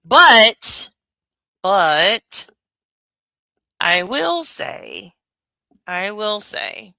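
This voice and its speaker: A woman's voice: mid-range voice, extremely slow, no room sound. A woman hosting a casual reaction commentary, talking bluntly with plenty of swearing. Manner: blunt, profane, laughing, animated. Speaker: commentary channel host.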